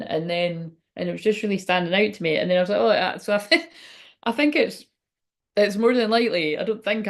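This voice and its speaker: A woman's voice: medium pitch, gravelly. A young adult woman giving a casual, rambling livestream card reading as a spiritual reader. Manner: chatty and rambling.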